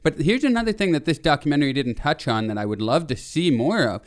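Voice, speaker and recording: A man's voice: on the high side, animated, fast. A man in his thirties co-hosting a podcast, talking casually and animatedly, laughing often and rambling with restarts. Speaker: podcast co-host. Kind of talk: casual chat.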